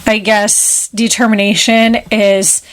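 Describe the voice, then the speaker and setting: Slow and level in tone, a woman's medium-pitched voice walks through a film on the podcast she co-hosts. Her recap is casual, and she mimics the characters' lines in playful voices.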